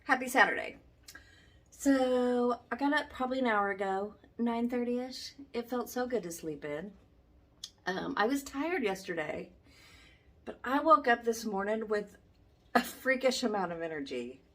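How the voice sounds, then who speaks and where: A woman's voice: a little high, expressive, measured pace, fairly bright tone. A woman chatting casually to her phone camera, rambling with many ums, talking at home and later outdoors on a walk. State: a little out of breath. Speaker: vlogger. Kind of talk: casual vlog chat. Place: home indoors, then outdoors on a run. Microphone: handheld phone.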